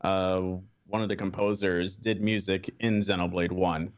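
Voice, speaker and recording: A man's voice: low-pitched, flat delivery, unhurried, highs cut off. A man guest on a casual gaming podcast, telling a story in a laid-back way and chuckling along.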